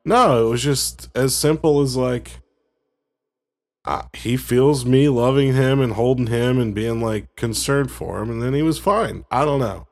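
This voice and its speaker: A laid-back man with a gravelly, fry-edged voice rambles through a story in casual conversation. His tone is easygoing and joking as he talks with a co-host. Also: medium pitch, measured pace, a little mellow. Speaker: podcast co-host. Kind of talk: casual chat.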